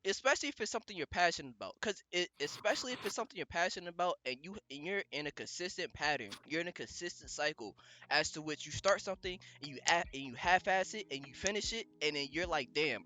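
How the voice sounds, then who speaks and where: A man's voice: fairly high pitch, expressive, fast talker, sharp tone. A man co-hosting a podcast, talking emphatically in casual motivational chat with lots of swearing. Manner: emphatic, heavy swearing, preachy. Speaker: podcast co-host.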